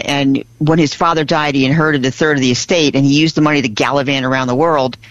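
A woman with a deep voice co-hosts a religious radio show, chatting animatedly and laughing often. The recording is dry, with dull lo-fi radio sound, and the talk is casual radio chat.

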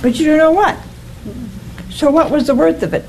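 A woman's voice: sits high, moderate pace, gravelly, a little mellow, slight background noise, rough recording. An older woman giving an informal, folksy sermon, often stopping to ask "see?" and putting questions to her listeners. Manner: folksy, keeps asking "see?". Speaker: preacher.

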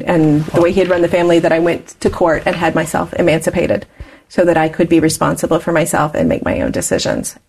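A woman's voice: on the low side, darkish tone, breathy edge. Chatty woman telling her life story. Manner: chatty, laughs often while telling. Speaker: interview guest. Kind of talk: candid personal storytelling.

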